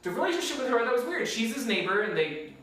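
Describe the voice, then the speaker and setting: A man reviewing a movie in casual, profane chat, animated and acting out quotes. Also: very high voice, fast, distant mic. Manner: animated, swears a lot, acts out quotes. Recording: echoey room, off the mic.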